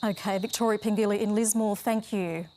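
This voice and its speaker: An Australian woman presenting the evening news, reading in a crisp, measured way. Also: mid-range voice, steady tone, a little mellow, slight background noise. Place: news studio.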